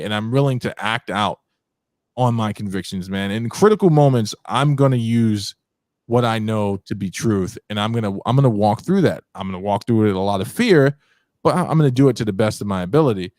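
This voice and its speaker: A man hosting a casual debate talk show, animated, repeating himself and rising in pitch as he makes his points. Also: a little fast, no echo, studio quality. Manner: repeats words often, lots of filler. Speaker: show host.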